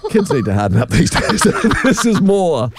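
A middle-aged man co-hosting a radio breakfast show, telling a story with animated, self-mocking humor and frequent laughter. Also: high-pitched, moderate pace. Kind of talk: casual on-air chat and storytelling.

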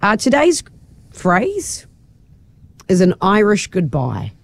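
A woman co-hosting breakfast radio, chatty and laughing often, her voice jumping high when amused. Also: huge pitch swings, takes it slowly, creaky. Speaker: radio host.

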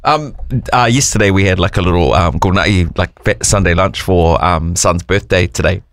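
A man hosting breakfast radio, joking and telling stories in lively banter. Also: low voice, normal speed, dry recording, clean studio sound. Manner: lively, jokey, storytelling. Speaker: radio host.

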